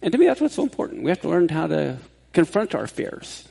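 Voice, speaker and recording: Male pastor, high husky voice; conversational sermon, builds to excitement in anecdotes. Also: quick pace. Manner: conversational, rising to excited laughter when storytelling. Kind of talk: sermon with personal storytelling.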